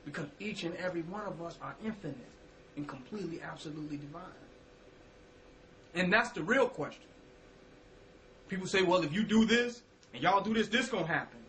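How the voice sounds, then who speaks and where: High, bright-voiced man preaching in slang. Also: lively intonation, a little fast, long pauses, a little hiss or hum, poor audio. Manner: preacherly, quotes himself, repeats phrases, swings from loud to hushed; casual street slang, curses. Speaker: speaker giving a talk. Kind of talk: motivational spiritual talk.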